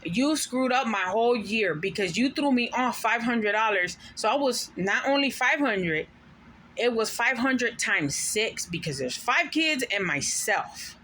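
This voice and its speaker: A woman's voice: a little high, sharp tone, slight background noise. A woman telling a personal story to camera in a profane, emphatic, venting way, now and then dropping Spanish slang. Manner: drops Spanish slang words. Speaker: mother of five.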